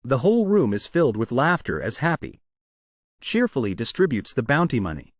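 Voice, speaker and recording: Male narrator, mid pitch, animated contour, dry close sound; recap storytelling. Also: a little fast, no echo.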